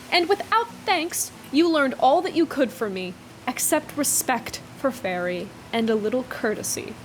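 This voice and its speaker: A woman voicing a proud young male fairy king who speaks formally and with measured reproach, while reading a story aloud. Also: high voice, slight background noise.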